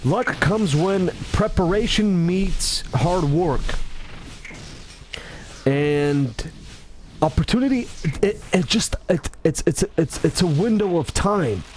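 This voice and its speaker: Rambling high-voiced man. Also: lively intonation, takes it slowly, slight background noise. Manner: restless, self-correcting, stumbling over words; acts out greetings in shifting tones. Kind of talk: rambling casual monologue.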